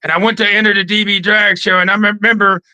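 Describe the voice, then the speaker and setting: Bright, high-voiced man telling stories. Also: quick pace, dry recording, rough recording. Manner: animated, slangy anecdote telling. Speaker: guest. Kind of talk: casual storytelling interview. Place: trophy room at home.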